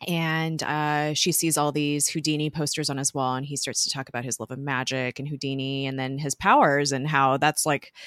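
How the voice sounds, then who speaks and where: Her voice sits low with a fairly bright tone as she co-hosts a podcast, chatting loosely about a TV episode. She stumbles, restarts, and leans on lots of fillers; the studio recording is clean with no room echo.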